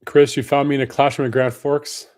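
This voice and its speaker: A man's voice: mid-range voice, little pitch movement, fairly quick, darkish tone. A man hosting a casual live stream Q&A, greeting viewers by name in a friendly way. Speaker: livestream host.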